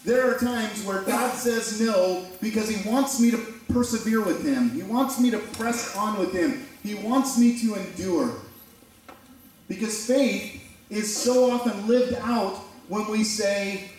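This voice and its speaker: A man preaches with a fairly high voice, talking with his congregation in a relaxed way and acting out the voices he quotes. The room echoes heavily, and the mic sits some way off. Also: a little slow. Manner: conversational preaching with dramatized quotes. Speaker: pastor. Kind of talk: sermon. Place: church sanctuary. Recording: very echoey church from a distant mic.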